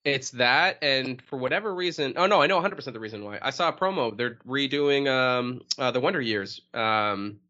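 Man, casual co-host, lively pitch and bright tone, slightly lo-fi recording. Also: brisk, few pauses. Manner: laughing, animated storyteller who breaks into song. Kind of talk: casual chat. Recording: lo-fi sound.

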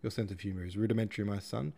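A man's voice: on the low side, fairly even intonation, very fast, vocal fry, warm tone. A man voicing a flamboyant middle-aged father who talks in a grand, theatrical and opinionated way in an audiobook reading. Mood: expansive. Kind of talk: audiobook character voice.

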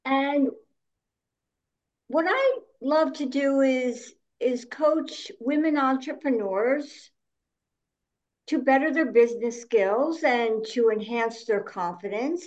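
A woman hosting a podcast as a coach, chatting in an unhurried way. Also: sits high, darkish tone. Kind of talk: casual podcast chat. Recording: dull lo-fi sound.

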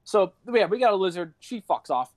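A young man on a casual podcast, talking in a loose, rambling way full of swearing and laughter. His voice sits high for a man. The sound is dry and close, with no room to it. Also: big pitch swings, a little fast, darkish tone, no echo. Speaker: podcast host.

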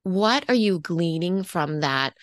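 A woman's voice: fairly low pitch, lively intonation, takes it slowly, no echo, clean studio sound. A woman hosting a podcast, casually walking listeners through reflection prompts for their business, talking in a loose, conversational way. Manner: casual and conversational, lots of "like" and "okay". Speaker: podcast host and business coach.

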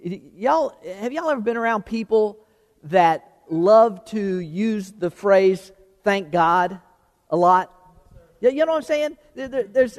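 A man's voice: high-pitched, a little mellow, long reverb tail. A man preaching a sermon as pastor, chatty and conversational, asking the congregation questions and repeating words as he finds them.

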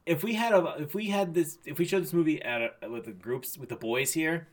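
A man's voice: on the high side, a little fast. A man co-hosting a casual movie podcast, rambling and correcting himself, swearing freely. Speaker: podcast co-host.

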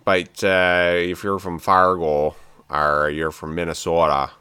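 Southern guy cohosting a trailer chat, bright punchy voice, super dry close sound, jokey. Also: low-pitched, slow, clear, resonant tone, no room sound. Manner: excitable, joking, lots of fillers. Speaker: podcast co-host. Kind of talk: casual movie trailer chat.

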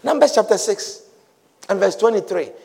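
High-voiced preaching man, fervent sermon. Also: lively intonation, normal speed, vocal fry, breathy edge. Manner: preaching with loud shouted repetitions, swinging from quiet to loud. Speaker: pastor.

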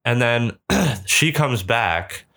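A man's voice: mid-range voice, lively intonation, very slow, vocal fry, sharp tone. A man telling a long, rambling story in casual chat, swearing often and acting out what people said in raised voices. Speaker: podcast co-host telling a story.

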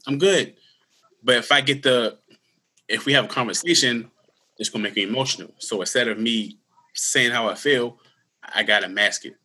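A man in his thirties telling his personal story in an interview, earnest and candid, with halting restarts. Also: mid-range voice, bright, forceful tone, a little hiss or hum. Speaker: guest; school security worker.

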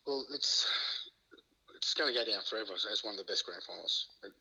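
Middle-aged Aussie ex-footballer as a guest, very bright and forceful, laughing, playing out every quote. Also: male voice, a little fast, gravelly, breathy edge, low-quality recording. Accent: Australian. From Queensland, Australia. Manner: laughs often, acts out quoted lines with rising pitch. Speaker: guest, former rugby league player. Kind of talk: casual storytelling.

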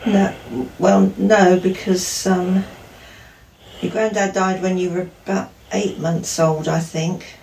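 Brief: older mother, gravelly texture, chatty and teasing, roomy echo. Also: lowish voice, level tone, slow pace, a little mellow, slight background noise. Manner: teasing and fond, reminiscing. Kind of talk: casual chat.

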